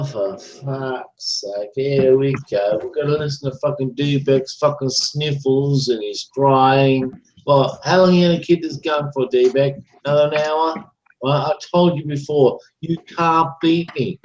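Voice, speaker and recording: A man's voice: fairly high pitch, slow, a little mellow, slight background noise, rough recording. A man ranting in an online voice chat room, taunting a rival with repetitive profane gloating over a computer microphone. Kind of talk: angry taunting rant.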